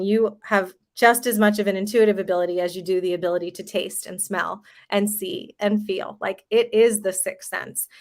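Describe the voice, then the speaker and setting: Woman, 30s, frank interview guest who talks openly about her own life. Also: mid-range voice. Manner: candid storytelling, swears casually. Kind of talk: casual podcast interview.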